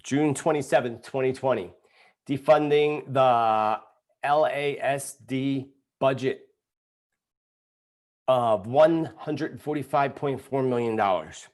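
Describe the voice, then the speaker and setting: A man's voice: medium pitch, slow, a little mellow. A middle-aged man hosting a live stream, talking in an indignant, sarcastic rant and reading viewer comments. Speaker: psychic host of live stream.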